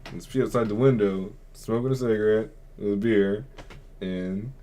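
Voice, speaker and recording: Low-voiced young man telling a rambling story. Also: normal speed, warm tone. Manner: rambling, heavy filler words, subdued. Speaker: podcast host. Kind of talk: casual storytelling.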